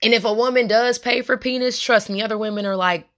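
A woman's voice: on the high side, steady tone, fast, fairly bright tone. A young adult woman, hosting a podcast monologue in a casual, impassioned way and talking straight to her listeners. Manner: impassioned, conversational, addresses listeners as y'all. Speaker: podcast host.

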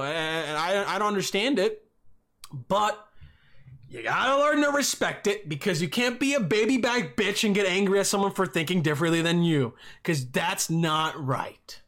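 A young man hosting a solo podcast, rambling and swearing, with bursts of yelling. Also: high voice. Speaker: podcast host.

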